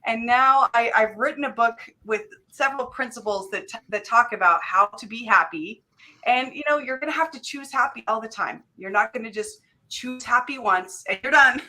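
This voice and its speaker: Woman guest, bright and forward voice, earnest and chatty, fillers. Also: fairly high pitch, moderate pace. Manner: earnest, with frequent fillers and light laughs. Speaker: guest author. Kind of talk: casual interview talk.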